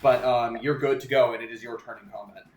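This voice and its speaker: A man's voice: medium pitch, steady tone, fast talker, a little mellow. Roomy-sounding man running a tabletop game. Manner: loose and rambling, full of "uh" and "like". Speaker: game master. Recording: roomy echo, faint music behind.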